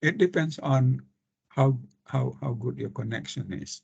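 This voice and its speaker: A man with an Indonesian accent giving a screen-share lecture on translation, halting and full of fillers and restarts. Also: medium pitch, creaky, a little mellow, slightly rough, lo-fi sound.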